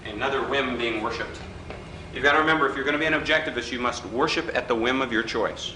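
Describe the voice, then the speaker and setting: A man's voice: medium pitch, quick pace, sharp tone. A man giving a workshop talk to an audience, teasing and joking, acting out quotes in his stories. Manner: joking, teasing, acts out quoted voices in anecdotes. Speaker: workshop speaker. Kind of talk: political persuasion workshop talk. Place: hotel function room with live audience. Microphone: distant room recording. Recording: echoey hall recorded from a distance, faint hiss.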